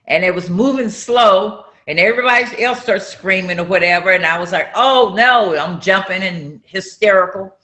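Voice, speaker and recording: A woman from North Carolina, telling a personal story in an interview and acting out the dialogue with loud outbursts. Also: medium pitch, normal speed, hardly any pauses. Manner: acts out dialogue with sudden loud raised outbursts. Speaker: interview guest, entrepreneur.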